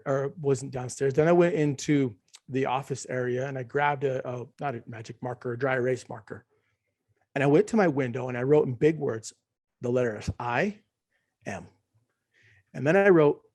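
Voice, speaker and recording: A middle-aged man, a podcast guest, talking in an emphatic, ranting way and dropping to a hushed tone when he quotes himself. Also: mid-range voice. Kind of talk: animated conversational storytelling.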